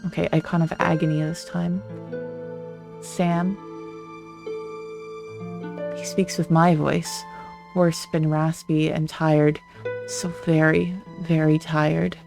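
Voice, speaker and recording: A let's play streamer reading a visual novel aloud in an even, flat delivery, with short asides of their own. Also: mid-range voice, measured pace, creaky, over music.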